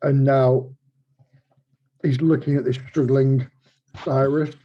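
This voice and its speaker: A man taking part in a tabletop game over a video call, describing his character's actions. He stammers and repeats words as he searches for what to say. His voice is dark and husky, and it comes through dull, lo-fi audio. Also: mid-range voice, flat delivery, slow pace. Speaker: player. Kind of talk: casual game chat.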